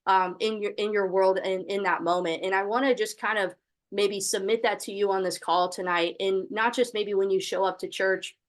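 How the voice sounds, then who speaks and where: A woman's voice: mid-range voice, fairly even intonation, moderate pace. A young woman hosting a motivational video call, encouraging and full of faith-filled fervor. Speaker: host of an online training call. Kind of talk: motivational pep talk on a call.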